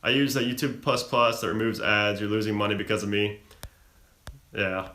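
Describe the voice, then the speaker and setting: A man's voice: on the low side, level tone, normal speed, pushed and bright, echoey room. A young man hosting a live stream, reading out viewer questions from chat and answering them casually. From Florida-born, raised in Chicago.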